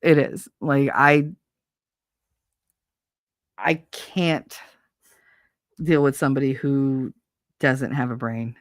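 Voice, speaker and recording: A woman's voice: extremely low pitch, steady tone, slow pace, long pauses, no room sound. A middle-aged woman live-streaming, chatting casually and reading out viewer comments, blunt, profane and sarcastic, often laughing.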